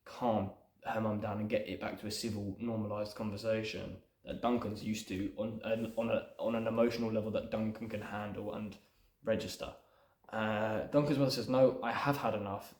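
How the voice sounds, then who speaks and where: A man's voice: on the low side, darkish tone, roomy sound. A young man casually breaking down his film script, rambling and thinking aloud with lots of fillers. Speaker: aspiring screenwriter.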